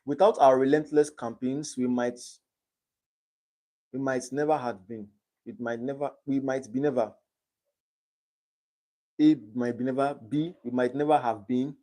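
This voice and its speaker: A man's voice: mid-range voice, fairly even intonation, unhurried, long pauses, dark tone. Young man tutoring on a live stream. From Nigeria. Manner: reads quiz options aloud and checks understanding.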